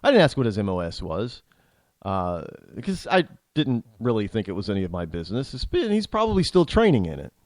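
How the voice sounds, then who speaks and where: A man's voice: fairly low pitch, wildly swooping pitch, brisk, darkish tone, no echo. A middle-aged man hosting a talk show, telling an opinionated story bluntly, with frequent restarts. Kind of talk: storytelling monologue.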